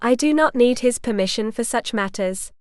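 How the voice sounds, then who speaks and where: A woman's voice: on the high side, moderate pace, no echo, studio quality, lightly acted. A woman voicing a ruthless, ambitious male baron with a contemptuous, dismissive manner, in a storybook reading.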